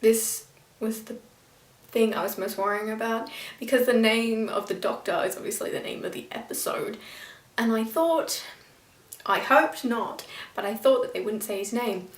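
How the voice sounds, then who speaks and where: A woman's voice: fairly high pitch, normal speed, far from the mic. A woman reviewing a TV episode in a casual vlog, rambling and exasperated, sometimes stumbling over names. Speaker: video reviewer. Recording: echoey room, a bit off-mic.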